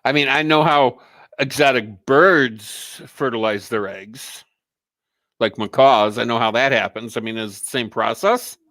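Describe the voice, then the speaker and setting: A man's voice: medium pitch, measured pace, bright, forceful tone, no echo. A man co-hosting a call-in show in casual chat, blunt and profane, often joking. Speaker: co-host.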